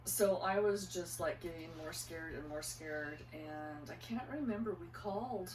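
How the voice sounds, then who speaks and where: A woman's voice: lowish voice, unhurried, a little mellow, slight background noise. An older woman from eastern Idaho telling family stories in casual conversation, acting out her own panicked lines with animation. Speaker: interviewee, mother. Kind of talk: casual storytelling. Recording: roomy and distant.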